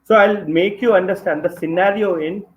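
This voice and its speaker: A man's voice: high-pitched, moderate pace. Echoey Indian English male lecturer. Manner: repeats key phrases, checks understanding with "clear?". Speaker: civil services exam teacher. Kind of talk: online class lecture.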